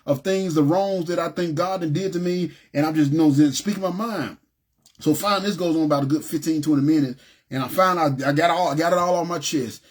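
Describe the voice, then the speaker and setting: A man shares his personal testimony in a somewhat high, husky voice. His delivery is emotional and halting; he restarts sentences and at times chokes up with tears.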